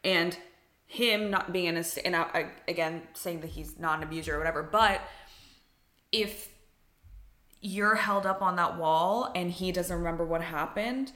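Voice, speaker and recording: A woman's voice: lowish voice, normal speed, pushed and bright. A woman in casual chat, reacting earnestly and supportively to a friend's story. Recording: roomy echo.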